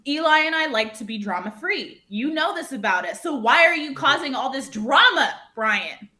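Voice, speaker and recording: A woman's voice: high-pitched, lively intonation, moderate pace, bright, forceful tone. Woman playing a flustered, rambling bride. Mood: exasperated. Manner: rambling, flustered, full of fillers. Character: anxious bride planning an island wedding. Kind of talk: live improv comedy.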